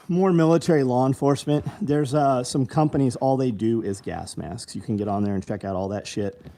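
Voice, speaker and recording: A foul-mouthed man chats casually on a livestream, rambling about gear and breaking into heated rants. His voice is dark and mellow at a middle pitch. Faint noise sits behind him. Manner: profane, blunt, swings between rambling and angry ranting. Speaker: livestream host selling tactical gear.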